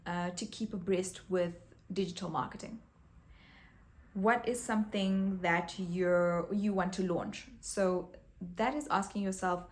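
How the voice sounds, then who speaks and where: Woman in her 20s chatting to camera, upbeat advice vlog, relaxed and conversational. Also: medium pitch. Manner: upbeat, conversational, with small restarts. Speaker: YouTube creator.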